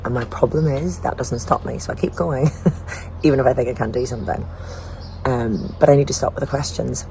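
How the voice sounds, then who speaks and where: A woman's voice: extremely low pitch, steady tone, quick pace, noisy background. A woman in her forties talking candidly to a camera on a bike ride outdoors, questioning herself, laughing often and sometimes getting emotional. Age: 40s. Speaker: vlogger training for a cycling event. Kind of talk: candid self-filmed monologue. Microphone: small camera carried while cycling.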